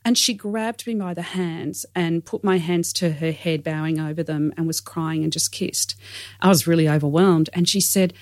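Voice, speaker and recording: A woman's voice: low voice, fairly even intonation, normal speed, darkish tone, no echo, studio quality. An Australian woman, a church women's leader, speaking candidly in an interview, earnest and self-deprecating with many fillers.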